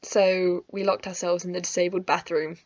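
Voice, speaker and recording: A woman's voice: on the low side, level tone, moderate pace, a little mellow, no room sound. A young woman telling a personal storytime vlog in a chatty, emotional, giggly way, in a slightly muffled recording. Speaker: vlogger.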